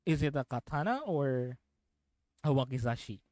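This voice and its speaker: A man's voice: medium pitch, normal speed, darkish tone, no echo, low-quality recording. A young man from the Philippines streaming from home, chatting casually and rambling as he reacts to videos, repeating himself and laughing often.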